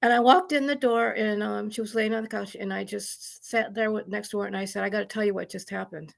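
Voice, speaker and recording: A woman's voice: mid-range voice, steady tone, fast, vocal fry. A woman sharing a personal story in an online group, earnest and rambling, with many restarts. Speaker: study group participant. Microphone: video call.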